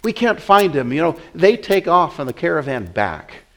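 A man preaching a sermon in an animated way, often repeating words as he acts out the scene. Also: on the high side, normal speed.

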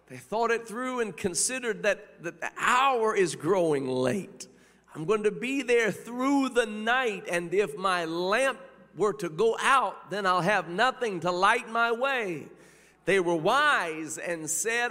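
A man's voice: sits high, lively intonation, takes it slowly, sharp tone. A man preaching a sermon with a rhythmic cadence, repeating phrases and calling out hallelujah. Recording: long reverb of a large hall.

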